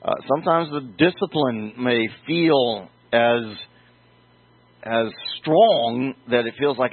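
A man teaching a slow, verse-by-verse sermon and explaining the meanings of Bible words. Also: mid-range voice, expressive, slightly rough, no room sound. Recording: dry, phone-like audio.

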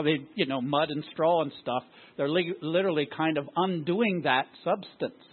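A man's voice: high-pitched, husky. A man preaching a sermon as pastor, often throwing rhetorical questions at his congregation. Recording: tinny phone-like sound.

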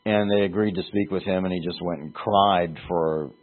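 Male preacher, low husky voice, slow and earnest, heard over a thin phone-like line. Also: steady tone. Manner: earnest, halting, repeats words for emphasis. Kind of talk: sermon. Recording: tinny phone-like sound.

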